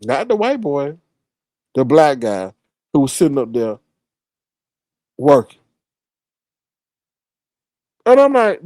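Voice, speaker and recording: A man casually telling a story, animated, swearing freely and acting out the other people's voices. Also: on the high side, slow pace, pauses often, dry recording, studio quality.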